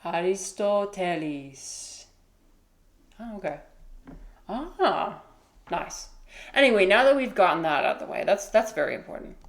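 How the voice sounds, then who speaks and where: A woman's voice: mid-range voice, very animated, moderate pace, vocal fry, pauses often. A woman streamer chatting casually on a livestream and reading chat aloud, rambling and giggling, with music playing behind her.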